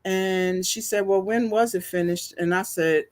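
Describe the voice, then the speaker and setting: An older woman, telling a story to her viewers in a slow, chatty, emotional way, teary and sniffling. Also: mid-range voice, fairly even intonation, a little mellow, faint music behind. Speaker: vlogger.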